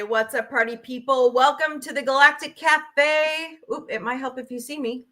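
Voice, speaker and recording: A woman's voice: mid-range voice, bright, forceful tone. Emotional woman venting on a livestream. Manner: emotional, venting, tearful at times. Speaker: podcast host. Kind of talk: casual livestream chat. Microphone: laptop microphone.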